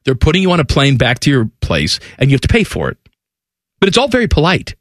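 A man's voice: a little high, wildly swooping pitch, fast, no echo, studio quality. A man co-hosting a radio show, telling stories in casual banter and laughing at his own bits.

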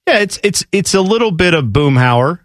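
A man co-hosting a radio show, chatting casually with animated asides and mock quotes. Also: high-pitched, moderate pace, no echo, clean studio sound.

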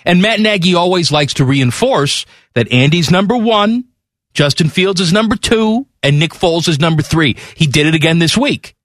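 A man's voice: on the high side, lively intonation, moderate pace, a bit bright, no echo, studio quality. A man co-hosting sports talk radio, joking wryly and reading ads with a playful edge.

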